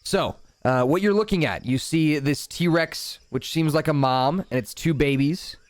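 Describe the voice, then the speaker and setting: A man narrating a tabletop game as dungeon master, setting scenes calmly and chatting casually between rolls. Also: a little high, a little slow, dry recording. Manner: calm, descriptive scene-setting with casual asides.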